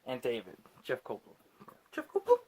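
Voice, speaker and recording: Tipsy man retelling a movie with lively pitch. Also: moderate pace, slightly rough. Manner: animated, acts out characters' lines in loud put-on voices. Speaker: podcast host. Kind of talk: casual movie recap chat.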